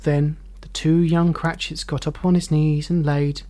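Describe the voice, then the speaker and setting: Measured expressive audiobook narrator. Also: medium pitch. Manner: measured, expressive, dramatic pauses. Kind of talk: audiobook narration of a classic novel.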